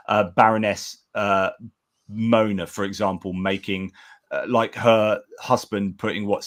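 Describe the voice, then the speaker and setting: A man's voice: fairly low pitch, a bit bright. A man hosting a casual election-night live stream, talking in a rambling way with many restarts and reading out viewer comments.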